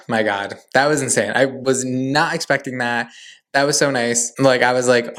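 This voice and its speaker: A young man hosting a podcast, telling a story in a gushing, excitable way and saying "like" constantly. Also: medium pitch, fairly quick. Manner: excitable, gushing, heavy use of "like". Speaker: podcast host. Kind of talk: casual storytelling monologue.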